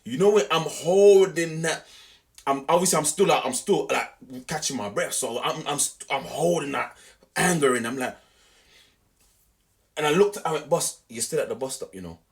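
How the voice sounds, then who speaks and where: A young man telling a story to camera in an animated, slangy, repetitive way. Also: on the high side, moderate pace, vocal fry. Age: young adult. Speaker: vlogger.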